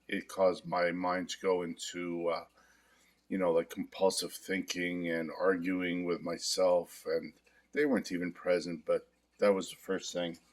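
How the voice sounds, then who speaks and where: Middle-aged guy, super low voice, pretty monotone, calm confessional tapping demo. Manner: calm, confessional, repetitive affirmations. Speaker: hypnotherapist demonstrating tapping. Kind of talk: guided self-help demonstration.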